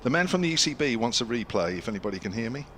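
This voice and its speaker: A man's voice: mid-range voice, sing-song, rapid-fire, sharp tone, a little hiss or hum. A man commentating live on a cricket match from the ground, chatty and full of asides to his co-commentator.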